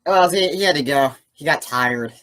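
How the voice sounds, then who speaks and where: A man's voice: fairly high pitch, moderate pace, fairly bright tone, natural voice. A man voicing his ventriloquist puppet sidekick, who chimes in with short, agreeable remarks. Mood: chatty.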